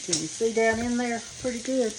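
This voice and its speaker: Southern woman host, older, folksy kitchen chat, sizzling pan clearly behind her. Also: on the high side, a little fast, background noise. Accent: Southern American. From American South. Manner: folksy, homey, talks to viewers as y'all and honey. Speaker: cooking show host. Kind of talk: chatty home cooking demonstration. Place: home kitchen. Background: frying and sizzling of cooking.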